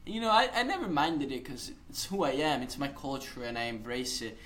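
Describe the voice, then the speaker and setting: Bright-voiced Italian-accented young man. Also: mid-range voice, expressive. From Italy. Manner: earnest, halting, laughs often. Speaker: guest. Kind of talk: casual conversation.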